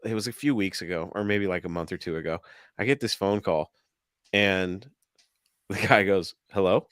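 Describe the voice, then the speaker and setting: A man's voice: low-pitched, moderate pace, fairly bright tone, clear, resonant tone, dry recording, clean studio sound. A man co-hosting a podcast in loose, profane casual chat, laughing often. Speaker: podcast co-host.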